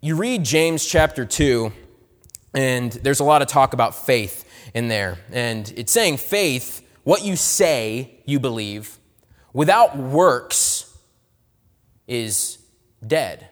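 A man preaching a sermon, swinging between loud emphatic lines and soft, low asides. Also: animated, takes it slowly, in a large hall.

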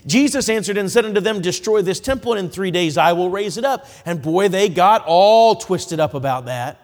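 A man preaching a sermon as an evangelist, reading scripture in old-fashioned wording and building to impassioned shouts. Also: high-pitched, lively intonation, normal speed, in a large hall.

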